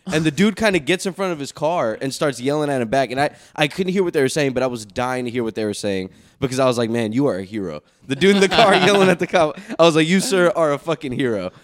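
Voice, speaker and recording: A man's voice: mid-range voice, expressive, fast, few pauses. A young man in casual, profane chat, telling stories and laughing.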